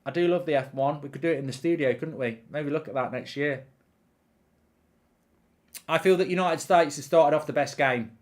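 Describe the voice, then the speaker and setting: A man's voice: fairly high pitch, moderate pace, long pauses. A man hosting a live football watchalong, chatting casually, reading out viewer comments and rambling with repeated words.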